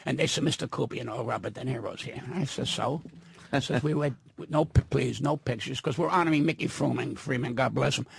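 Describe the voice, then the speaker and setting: An older man, a guest comedian, telling brash, profane stories in a radio studio, swinging from low mutters to loud shouts. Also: a little fast, dry recording. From New York. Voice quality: gravelly, husky. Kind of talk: brash storytelling on a radio show. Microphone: studio mic.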